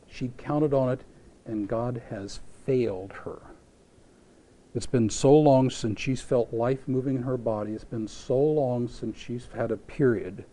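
A mellow-voiced man preaching a lively story. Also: medium pitch. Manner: animated storytelling, acts out voices, asks rhetorical questions. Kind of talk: sermon.

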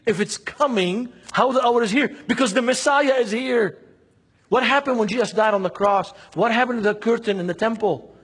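With a very high, slightly bright, husky voice, a man delivers a passionate sermon at a moderate pace. He keeps throwing rhetorical questions at the audience.

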